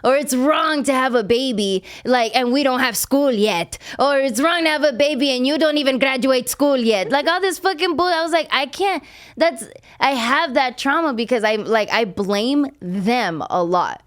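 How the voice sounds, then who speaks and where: In casual podcast chat, a young adult woman host tells a personal story bluntly, profanely, and emotionally, like a confession. Her voice sits high and she speaks at normal speed.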